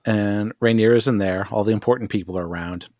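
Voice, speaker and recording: A man's voice: lowish voice, quick pace, a little mellow, no room sound, studio quality. A man co-hosting a podcast, recapping an episode in casual, profane chat, laughing often and mimicking characters. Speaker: podcast co-host.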